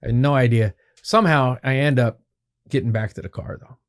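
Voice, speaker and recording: A man of ordinary pitch spins a long yarn as a podcast guest. He swears freely and slips into the voices of the people in his story, telling it in a loose, casual way. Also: fairly quick. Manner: animated, profanity-laced, acts out quoted dialogue.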